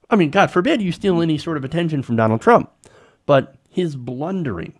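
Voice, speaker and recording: A man hosting solo political commentary, reading news quotes aloud and reacting with sarcasm. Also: a little high.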